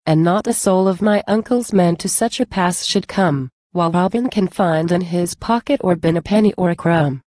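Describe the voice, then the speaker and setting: A woman recites a long narrative poem at a measured, rhythmic pace. Her voice sits low and warm. The sound is dry and close. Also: no room sound. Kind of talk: poetry recitation.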